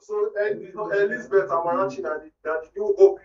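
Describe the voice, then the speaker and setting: A man with a Nigerian accent joining remotely as co-host, greeting the audience loudly. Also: sits high, fast. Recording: distant roomy lo-fi line.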